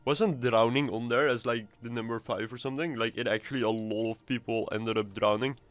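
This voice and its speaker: A man's voice: mid-range voice, fairly even intonation, a little fast. A man giving casual, rambling gameplay commentary, swearing now and then. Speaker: gamer.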